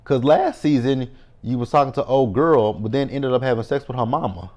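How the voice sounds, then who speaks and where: A man giving a casual TV episode recap, animated and profane, quick to mock with exaggerated reactions. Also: mid-range voice. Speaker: TV recap host.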